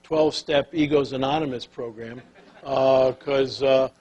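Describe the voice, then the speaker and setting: An older man giving a talk on leadership, telling a story in a folksy, animated way and sinking to a soft, hushed voice at the tender moments. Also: mid-range voice, measured pace, husky, muffled recording. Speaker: speaker on leadership.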